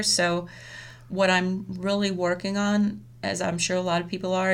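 A woman's voice: mid-range voice, a bit bright. A woman elementary school teacher explaining a classroom method in a friendly, chatty way with frequent laughs. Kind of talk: casual professional chat.

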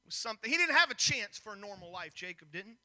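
A man's voice: high-pitched, fast talker. A man preaching a sermon, telling a story with many restarts and acted-out scenes. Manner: storytelling, animated, with repeated restarts.

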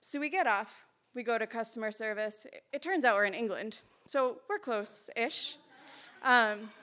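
Chatty woman telling a travel story. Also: fairly high pitch. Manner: chatty, lively, self-mocking. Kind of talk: live personal storytelling. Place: small live event hall.

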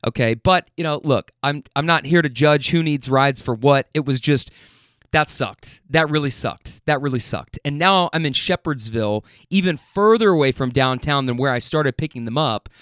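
A man who drives for a rideshare app tells viewers about his riders in a casual, animated way, repeating himself and swearing freely. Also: medium pitch, normal speed, smooth, dry recording, studio quality.

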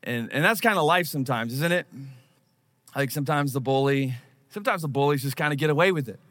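Pastor guy preaching, chatty and self-deprecating, bright voice pitched a bit high. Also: lively intonation, fast. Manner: conversational storytelling, self-deprecating. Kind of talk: sermon.

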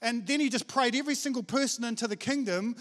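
A man preaching a sermon in a very high voice, and his words ring out with a long reverb as in a big hall. He talks in an energetic, chatty way, pokes fun at himself and drops slang like bro and mate. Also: quick pace. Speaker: pastor.

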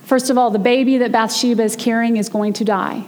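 A woman preaching a sermon, retelling a story in a chatty way and slowing down to stress key words. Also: a little high, fairly even intonation, a little mellow, in a large hall, soft background music. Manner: conversational storytelling, slows down for emphasis. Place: church sanctuary.

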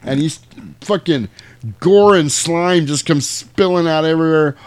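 A man casually retelling a movie plot, animated and swearing, now and then jumping into loud character voices. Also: fairly high pitch, measured pace, smooth, no echo. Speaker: podcast host retelling a movie. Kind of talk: casual chat.

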